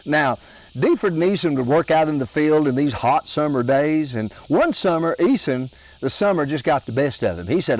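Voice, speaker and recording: A man telling comic family stories in a slow, folksy, drawn-out way. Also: a little high, animated, rough recording. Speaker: storyteller comedian.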